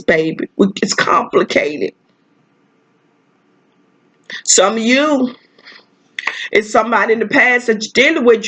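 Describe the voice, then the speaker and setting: A woman's voice: mid-range voice, fairly bright tone. A woman talks her viewers through a tarot spread in a loose, casual way. Her voice rises and falls across a wide range, she circles back to the same points again and again, and she keeps calling her listeners baby. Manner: emotional, repetitive, calls listeners baby and girl, laughs often. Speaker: tarot reader.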